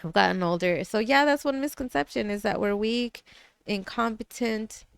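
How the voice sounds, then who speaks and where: A woman's voice: on the high side, moderate pace, gravelly, clean tone, no echo. A woman guest on a podcast, a chatty storyteller who laughs often and slips into Spanish phrases. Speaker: guest artist and business owner. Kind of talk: casual podcast interview.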